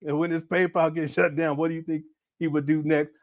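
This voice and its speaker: A man's voice: a little high, level tone, a little fast, no room sound. A man hosting a livestream, chatting casually in loose, joking, profane reaction commentary and tripping over his words. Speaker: livestream host.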